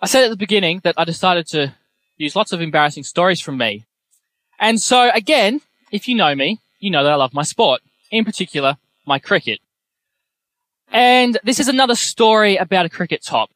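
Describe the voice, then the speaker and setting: A young man preaching a sermon, telling self-deprecating personal stories in a lively way. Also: high-pitched, brisk, no echo.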